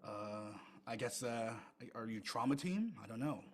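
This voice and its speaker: A man's voice: medium pitch, lively intonation, unhurried, a little hiss or hum. A man narrating a tabletop role-playing game as game master, talking hesitantly with many fillers.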